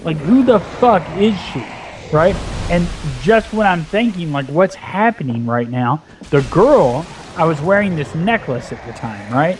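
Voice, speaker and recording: A young man casually telling a long, profane, animated anecdote as a gaming video host. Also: a little high, measured pace, slight background noise. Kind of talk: casual storytelling chat.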